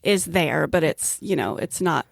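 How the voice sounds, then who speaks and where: A woman's voice: sits low, expressive, measured pace, vocal fry, dry recording, studio quality. A woman narrating as game master of a tabletop game, describing scenes with easy laughter.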